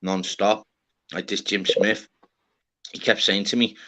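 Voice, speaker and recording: A man's voice: lowish voice, steady tone, a little slow. Swearing Liverpool man streaming. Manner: loud, swearing banter. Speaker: livestream host. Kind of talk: casual livestream chat.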